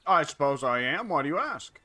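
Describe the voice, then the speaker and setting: A man's voice: a little high, sing-song, a little fast, bright, forceful tone, dry recording. A man hosting a casual gaming session with friends, dry and teasing. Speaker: channel host, gamer.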